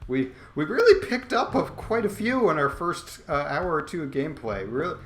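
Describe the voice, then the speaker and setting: A man giving chatty, excitable gameplay commentary as a channel host. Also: mid-range voice, a little fast, few pauses, a little hiss or hum. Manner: chatty, excitable, laughs a lot. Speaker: let's play host. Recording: roomy echo, faint game music.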